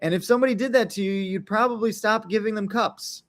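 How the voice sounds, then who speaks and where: A man's voice: high-pitched, fast talker, a bit bright. A man hosting an unscripted podcast, talking in a loose, rambling way, often checking in with "right?" and briefly acting out little quotes. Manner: rambling, frequent tag questions, acts out little quotes. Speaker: podcast host.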